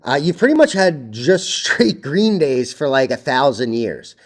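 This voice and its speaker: A man's voice: medium pitch, big pitch swings, a little slow. A young man hosting his own stock video, talking bluntly and swearing, rambling through charts with many restarts. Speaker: stock market video host. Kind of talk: ranting stock chart commentary.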